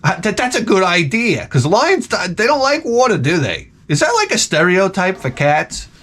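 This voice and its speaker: A man hosting his own vlog, telling a crude comic story in a rambling way with loud outbursts. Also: sits high, big pitch swings, normal speed. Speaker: vlog host.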